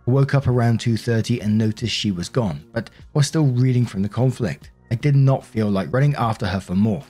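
A man reading a first-person story aloud in a steady narrating voice. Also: medium pitch, a little fast, soft background music. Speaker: narrator of online stories.

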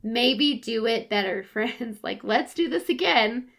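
Lady pastor, slow and a bit creaky, chiming in on a chat. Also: fairly high pitch, expressive, a bit bright. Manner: slow, agreeable, laughs along. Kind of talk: casual podcast conversation.

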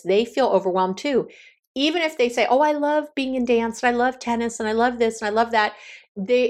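A middle-aged woman, a relationship coach, giving direct, encouraging advice in a podcast monologue, her pitch leaping for emphasis.

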